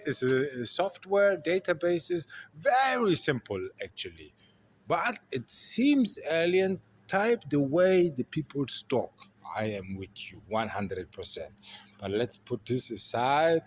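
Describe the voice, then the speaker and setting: A man with a German accent, talking through a rambling podcast monologue and swinging between loud emphasis and quiet asides. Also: mid-range voice, a little hiss or hum. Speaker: podcast host. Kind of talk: casual monologue.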